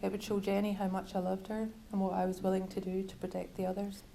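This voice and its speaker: Woman author, measured bookshop reading, level even delivery. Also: medium pitch, vocal fry, a little hiss or hum, poor audio. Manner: measured, literary reading with wry asides. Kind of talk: reading from her novel.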